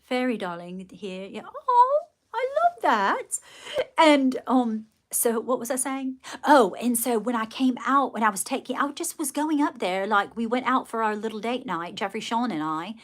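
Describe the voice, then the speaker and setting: A woman's voice: fairly high pitch, moderate pace, few pauses. A woman telling a rambling story live to her viewers, chatty and folksy, full of fillers and restarts. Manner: folksy, addresses viewers directly. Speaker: live streamer. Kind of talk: casual live-stream storytelling.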